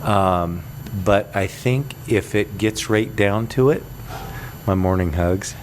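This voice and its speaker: Slow, deep-voiced reflective man. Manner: thoughtful, searching for words. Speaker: podcast guest. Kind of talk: reflective casual talk. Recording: faint background noise.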